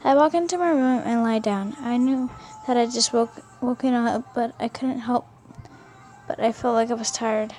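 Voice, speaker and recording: A woman's voice: a little high, moderate pace, darkish tone, soft background music. A young woman casually reading a fan fiction story aloud, often stumbling and rereading words.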